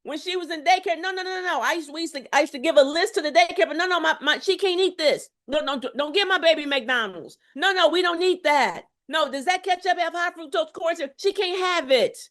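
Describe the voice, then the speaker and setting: Talking live to viewers about a health challenge, this Houston health coach in middle age has an extremely high, slightly bright voice. She speaks briskly with hardly any pauses, emphatic and preacherly, repeating phrases and calling out to her audience.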